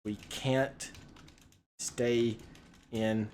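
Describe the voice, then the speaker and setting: A man's voice: mid-range voice, little pitch movement, drawn-out words, a little mellow, slight background noise. An American man streaming a text adventure game, giving casual, rambling commentary full of swearing and laughter. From United States. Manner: rambling, profane, laughs often.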